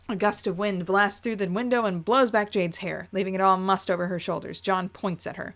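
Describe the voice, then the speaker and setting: A woman giving an expressive dramatic reading of a fan-written story. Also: mid-range voice, brisk, hardly any pauses. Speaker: reader of fan fiction.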